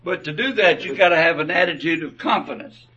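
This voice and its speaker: A man preaching a sermon, telling stories slowly and deliberately, his phrases often trailing off softly. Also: on the high side. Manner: slow, deliberate storytelling with soft trailing phrases. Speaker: pastor. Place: church. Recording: dull, distant church recording.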